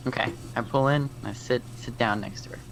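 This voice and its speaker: A man's voice: medium pitch, brisk, vocal fry, slight background noise. A man playing an online tabletop game, hesitant and stumbling over his words as he describes what his character does. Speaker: player. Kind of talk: casual tabletop role-play.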